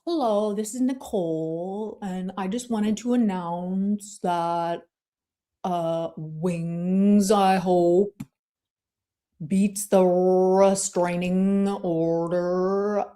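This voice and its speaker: A woman putting on a mocking impression of a posh English woman, with a put-on English accent and a slow, prim way of announcing. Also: lowish voice, fairly even intonation, mellow, voice pushed down.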